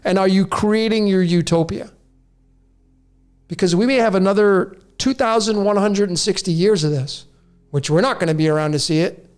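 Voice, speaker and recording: A man's voice: high voice, moderate pace, a little mellow, clear, resonant tone. A man in his late forties hosting a podcast, delivering a raw, preachy rant straight to his listeners. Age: 40s. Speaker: podcast host. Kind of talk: monologue to listeners.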